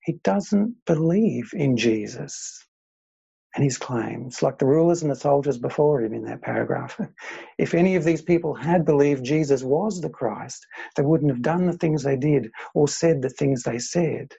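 Husky male preacher, muffled recording. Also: a little high, a little slow, dark tone. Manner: earnest preaching with frequent fillers and repeated phrases. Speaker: pastor. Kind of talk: sermon.

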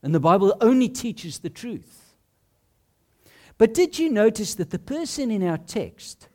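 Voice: medium pitch, a little mellow. A preacher delivering a sermon in an emphatic style, asking rhetorical questions and landing points in short, punchy phrases.

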